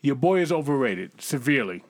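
A man's voice: medium pitch, sing-song, fairly quick. A young adult man co-hosting a podcast, reading listener messages aloud in crude, profane banter and mocking with laughs.

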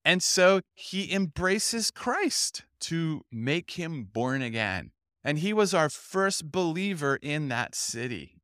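A man's voice: on the high side, sing-song, slow pace, a bit bright, no room sound, studio quality. A middle-aged man telling a story in a sermon at a youth Bible camp, acting out the quoted voices as he goes.

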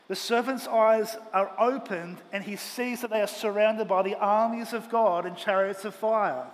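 A pastor preaching a Sunday sermon with earnest, emphatic delivery, speaking in a church auditorium. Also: male voice, sits high, steady tone, moderate pace, few pauses. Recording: long hall reverb, faint ambient noise.

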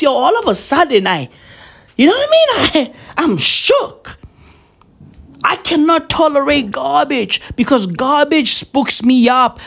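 A man's voice: very high-pitched, vocal fry, a bit bright. Young man ranting with slangy swagger. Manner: profane, rambling, mock-serious, slangy with "bruv". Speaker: vlogger. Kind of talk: casual rant to camera. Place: indoors at home at New Year.

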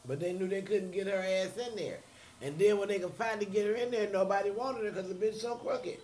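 A man's voice: sits high, fairly quick, a little mellow, slight background noise. A man co-hosting a podcast, crudely agreeing and egging on a political rant. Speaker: podcast co-host.

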